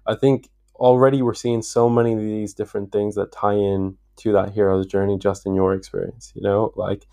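A man's voice: fairly low pitch, level tone, normal speed, vocal fry, warm tone. A man hosting a podcast, working through long, reflective thoughts with enthusiasm. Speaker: podcast host. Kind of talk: podcast interview.

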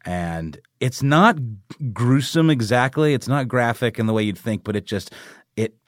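A man's voice: medium pitch, expressive, a little slow, no echo, clean studio sound. A man co-hosting a podcast in casual chat, talking earnestly and rambling with fillers. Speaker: podcast co-host.

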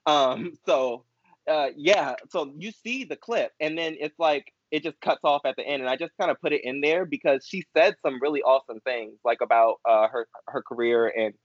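Young male co-host, expressive and gushing, pitched a bit high, muffled dry recording. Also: normal speed, no echo. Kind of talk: casual chat. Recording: dull dry lo-fi sound.

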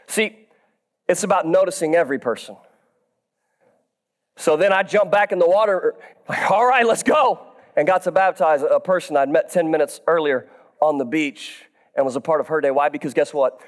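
Male pastor, high voice, animated church sermon with big shouted swells. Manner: animated preaching, swings from low and soft to loud, drawn-out shouts. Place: church sanctuary.

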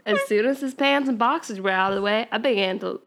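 A woman's voice: fairly high pitch, fast, fairly bright tone. A woman co-hosting a podcast, reading fan fiction aloud and often breaking into laughter and wry asides. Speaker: podcast co-host.

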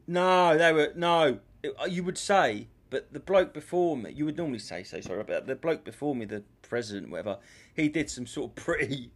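A man's voice: fairly high pitch, expressive, a little fast. A man, co-hosting a casual comedy podcast and telling crude, jokey stories about a gig. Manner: crude, jokey storyteller who breaks into silly singing. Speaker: co-host, stand-up comic.

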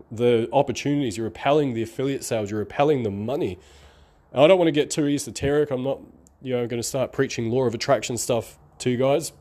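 A man's voice: medium pitch, mellow. A middle-aged man with an accent between Australian and New Zealand and a slight lisp, drawing out his words in a rambling, candid vlog monologue. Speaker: online marketing vlogger. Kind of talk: casual talking-to-camera monologue.

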